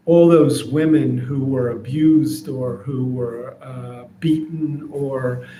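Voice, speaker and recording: A man teaching an adult education class on a scripture story, in an easygoing, thoughtful way with many pauses and fillers, in a synagogue classroom. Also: fairly high pitch, warm tone. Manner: slow, thoughtful, with frequent hesitations. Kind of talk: informal Torah class. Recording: roomy echo.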